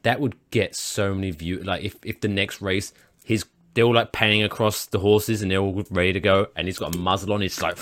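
A man's voice: low voice, a little fast, pushed and bright. A man in his thirties chatting casually on a podcast, playful and jokey. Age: 30s.

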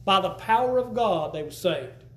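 A man's voice: high voice, expressive, moderate pace. A man preaching a sermon in a church, folksy and emphatic, often repeating words as he teaches. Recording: roomy church echo.

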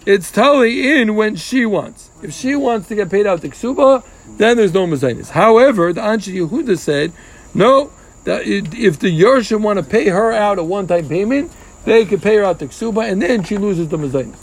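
Guy teaching gemara to a group, high gravelly voice, explains step by step w/ hebrew terms and jokes. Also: expressive, normal speed. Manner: explains step by step, mixes Hebrew-Aramaic terms into English, joking asides. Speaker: Talmud teacher. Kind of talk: casual Gemara class.

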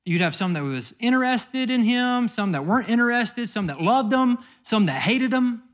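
High-voiced pastor preaching. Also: male voice, animated, normal speed, a bit bright. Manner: conversational storytelling with acted quotes. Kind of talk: sermon.

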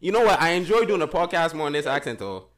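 A man's voice: fairly high pitch, sing-song, quick pace, fairly bright tone, pitched above the performer's own voice. A man putting on a boastful put-on African accent. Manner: playful, boastful, teasing. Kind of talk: casual podcast chat.

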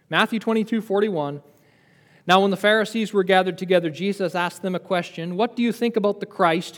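A man preaching a sermon in a lively, conversational teaching manner, asking his listeners questions. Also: high-pitched, big-room sound. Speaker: pastor.

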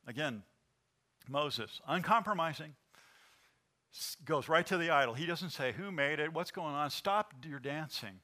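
A man preaching a sermon as pastor, animated and asking the congregation questions. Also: fairly high pitch, measured pace.

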